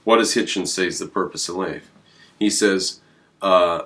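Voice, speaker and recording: A man hosting his own channel, talking in a rambling, emphatic way with sudden jumps in pitch. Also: moderate pace, fairly bright tone. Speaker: channel host. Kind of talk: casual on-camera commentary.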